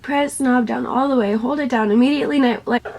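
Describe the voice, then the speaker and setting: In this casual vlog, a young woman speaks to the camera beside a water heater in her home utility area, swearing nervously as she coaches herself through something scary. She has a high, slightly mellow voice with a steady tone and a brisk pace.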